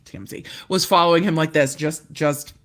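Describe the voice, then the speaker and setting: This legal commentator has a low-pitched, somewhat bright voice and talks at a normal speed. Streaming casually from a hotel room, she's chatty and laughing, joking self-deprecatingly about her own slip-ups.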